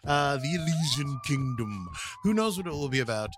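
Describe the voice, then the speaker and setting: A man's voice: a little high, big pitch swings, moderate pace, background noise. A man co-hosting a podcast, signing off in a rambling, playful way with lots of filler words. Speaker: podcast co-host. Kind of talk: casual podcast outro chat.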